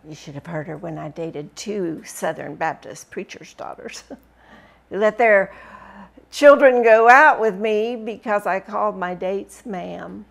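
A woman reading a first-person memoir aloud with expressive, dramatic storytelling. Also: fairly low pitch, a little slow, creaky. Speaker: book reviewer reading aloud.

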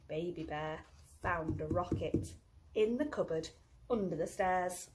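A woman teacher reading a picture book aloud to children in an expressive, storytelling way. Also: fairly low pitch, measured pace, slight background noise.

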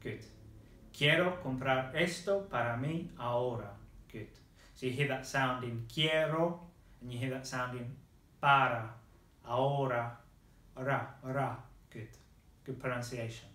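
A man's voice: mid-range voice, moderate pace, fairly bright tone, echoey room. A man teaching a beginners' Spanish lesson, patient and encouraging, praising the learner often. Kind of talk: slow, patient language lesson.

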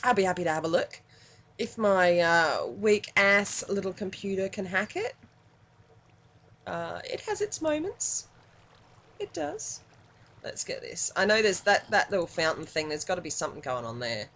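An Australian woman commenting on her gameplay in a casual, excitable way, muttering to herself between sudden yelps. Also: fairly low pitch, measured pace, pauses often. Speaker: gaming channel host.

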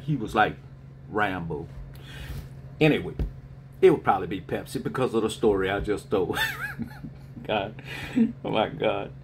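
Brief: middle-aged male spiritual reader, lively up-and-down delivery, slight hum behind him. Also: fairly low pitch. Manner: rambling, animated storyteller who laughs often. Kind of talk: casual vlog answering viewer questions.

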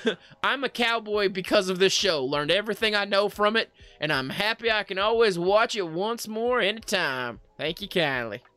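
A man's voice: sits high, animated, normal speed, sharp tone, clean tone, no echo. A man in his thirties co-hosting a casual chat, upbeat and laughing often as he reads viewer comments and runs through lists. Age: 30s. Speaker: podcast co-host.

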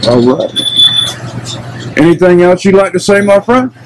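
A man's voice: high-pitched, a little fast, noisy background. Folksy joking man touring a shop. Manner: joking, salesman-like patter. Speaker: vlogger touring a store. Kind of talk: folksy promotional walkthrough. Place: inside a small shop, walking around.

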